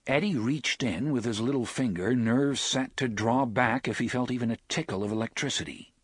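A man narrating a novel in a measured, expressive storytelling manner. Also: mid-range voice, husky, no echo. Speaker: audiobook narrator. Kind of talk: scripted narration.

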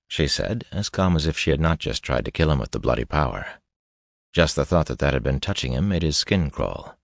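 Male audiobook narrator, extremely low voice, measured and steady, dry booth sound. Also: gravelly, dry recording. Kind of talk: scripted fantasy narration.

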